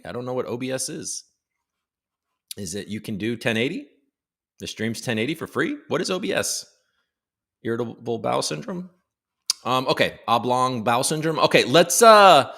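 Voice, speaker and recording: A man hosting a casual live crypto stream, joking and teasing viewers as he reads the chat, with some swearing. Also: mid-range voice. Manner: lively, with big jumps in loudness. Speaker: crypto livestream host.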